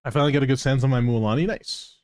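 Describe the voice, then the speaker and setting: A man's voice: medium pitch, fairly even intonation, racing, darkish tone, no room sound. A man streaming a game live, chatting casually to viewers with plenty of swearing, teasing and laughter. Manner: profane, teasing, laughs often. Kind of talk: casual live gameplay commentary.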